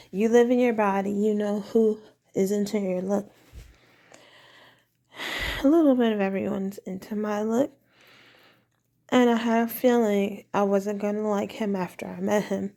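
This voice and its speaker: Slow, gravelly-voiced woman telling a story. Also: mid-range voice, warm tone. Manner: rambling, meandering, with frequent restarts. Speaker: vlogger. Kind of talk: casual personal storytelling. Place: her bedroom at home.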